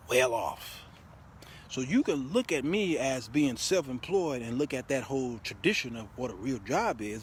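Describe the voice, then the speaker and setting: A man, hosting his own show, tells a story by phone and acts out both sides of the conversation. His voice sits a bit high for a man. A faint hiss of ambience runs underneath. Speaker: host. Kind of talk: casual live-stream storytelling. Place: outdoors in the rain, then in a car.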